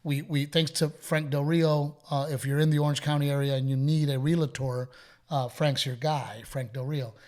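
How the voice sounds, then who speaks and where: A man's voice: a little high, steady tone, moderate pace, a little mellow. A Texan man hosting a podcast, chatting casually and telling stories with quoted dialogue and frequent laughs. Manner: storytelling, quotes others, laughs often. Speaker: podcast host. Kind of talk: casual chat.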